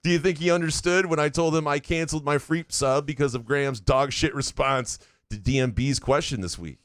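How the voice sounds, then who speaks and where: A man in his forties runs through listener questions on a casual sports podcast, joking around and cursing freely. His voice sits at an ordinary middle pitch and sounds close and dry, with no room around it. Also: a little fast, no room sound. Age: 40s. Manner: reads listener questions aloud, joking and profane. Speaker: podcast co-host.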